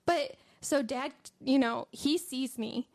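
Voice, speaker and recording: A woman's voice: sits high, takes it slowly. Laughing woman telling a story. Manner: animated storytelling, laughing often. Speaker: morning show co-host. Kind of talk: casual chat.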